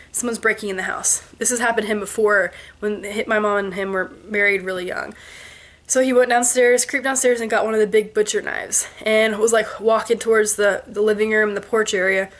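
A woman in her twenties, a vlogger, telling a ghost story to camera in an animated way, with sound effects and quoted voices. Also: medium pitch. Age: 20s.

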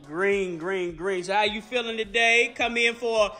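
A man's voice: sits high, fairly even intonation, unhurried, pushed and bright, soft background music. A man hosting a family vlog in a playful, chatty way, talking straight to the viewers. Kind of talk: casual vlog chat.

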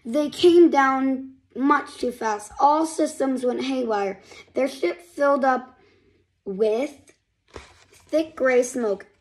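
Female storyteller, high voice, slow gentle picture-book reading. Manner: slow, gentle read-aloud with small restarts.

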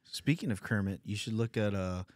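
A man's voice: on the low side, normal speed, a little mellow, no echo. A man hosting a comedy podcast, telling crude, rambling stories in casual banter. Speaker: podcast host.

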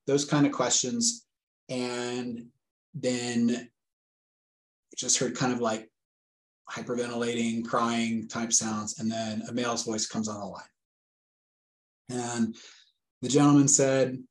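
A man's voice: medium pitch, little pitch movement, takes it slowly, long pauses, a little mellow. A man in his forties, a father being interviewed, retelling a frightening phone call earnestly and vividly. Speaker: guest, a father telling of a scam call. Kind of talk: interview storytelling. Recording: echoey room sound.

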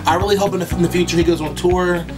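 A man's voice: high-pitched, fairly even intonation, racing, distant mic, over music, rough recording. A young man talking straight to his viewers in a casual reaction vlog, tearful and crying at times, emotional and swearing freely. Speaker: YouTube music reactor.

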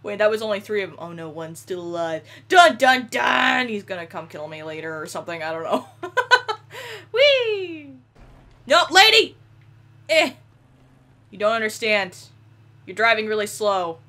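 A young woman giving excitable let's play commentary, yelling and laughing at the game. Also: mid-range voice, normal speed, pauses often. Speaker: gaming YouTuber.

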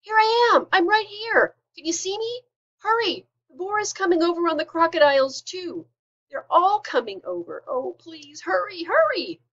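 A woman voicing an excited young male baby dragon who pleads in high, rushed shouts. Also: highs cut off. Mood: frantic pleading.

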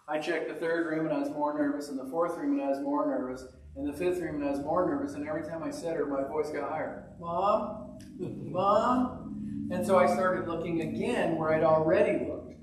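A man with a slightly high voice preaches in a loose, storytelling way and pokes fun at himself as he goes. He sounds as if he is standing well back from the mic. The room gives off a heavy, hollow echo. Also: fast talker, few pauses, a crowd in the background. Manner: folksy, self-deprecating, animated storyteller. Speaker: pastor. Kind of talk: conversational sermon with storytelling. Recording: echoey church hall, mic at a distance.

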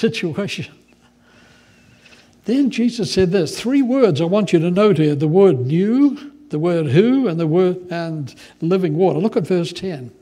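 A male pastor delivering a sermon in a fairly high voice. His preaching is animated and conversational. He moves easily between explaining scripture and telling stories. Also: measured pace.

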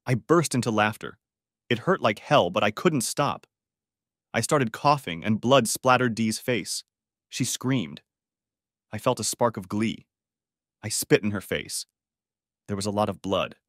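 A man's voice: lowish voice, lively intonation, normal speed, fairly bright tone, no room sound, clean studio sound. A man narrating a first-person story as an audiobook, reading it dramatically.

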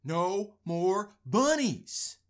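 A woman voicing a big, tough, grumpy male dog in a storybook read-aloud, with a gruff, growling voice. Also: low-pitched, very animated, a little slow, a bit bright, pitched below the performer's own voice, exaggerated voice.

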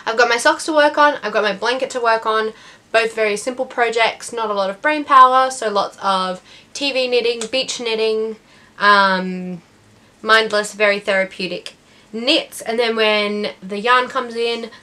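A woman's voice: fairly high pitch, fairly even intonation, a little slow, sharp tone. A young woman, hosting her knitting podcast in a chatty, rambling way with lots of ums and restarts. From Australia. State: has the hiccups. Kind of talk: casual chat.

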